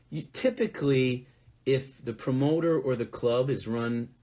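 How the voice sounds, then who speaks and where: A touring musician answering fan questions in a casual live Q&A, talking in a rambling, conversational way. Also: male voice, medium pitch, a little mellow. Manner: rambling, conversational, with fillers and restarts.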